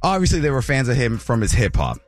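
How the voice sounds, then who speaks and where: A man co-hosting a radio show in casual chat, telling an animated story full of laughs and acted-out quotes. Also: mid-range voice, quick pace, soft background music. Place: radio studio.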